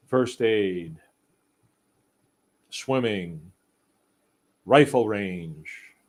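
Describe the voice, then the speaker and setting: With a low, husky voice, a middle-aged man hosts a relaxed live-stream podcast chat, wandering folksily from topic to topic and reading out comments from viewers.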